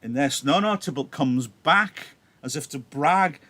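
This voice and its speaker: Welsh teacher talking through a play. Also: male voice, on the high side, lively intonation, unhurried, few pauses, a bit bright. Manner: conversational, checks in with "yeah?". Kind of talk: live reading with analysis.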